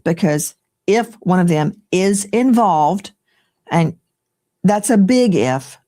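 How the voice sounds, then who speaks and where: Analytical woman with a lowish voice. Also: animated, slow pace, dark tone. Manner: analytical, lays out a timeline point by point. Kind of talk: case discussion.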